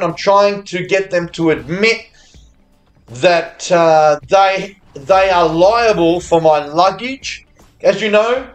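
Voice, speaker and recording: Australian male slots streamer with a high voice; profane, excitable live commentary over faint game music. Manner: profane, excitable, cheers at the screen.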